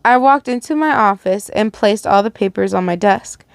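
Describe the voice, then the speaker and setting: A woman reading fan fiction aloud as host, breaking off with animated, reactive asides. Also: mid-range voice, moderate pace, vocal fry, no echo, studio quality. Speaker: story reader.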